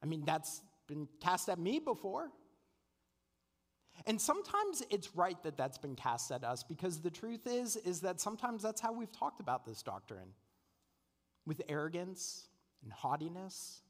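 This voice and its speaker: A man's voice: sits high, big pitch swings, unhurried, big-room sound. A man preaching a sermon as pastor, earnest and conversational, asking the congregation rhetorical questions.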